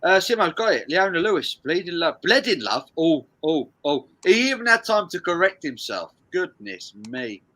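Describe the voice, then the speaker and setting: A man hosting a live stream quiz, jokey and animated, reading out viewer comments as he goes. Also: high-pitched, moderate pace, few pauses, low-quality recording. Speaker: live stream host running a lyrics quiz. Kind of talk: casual live stream chat.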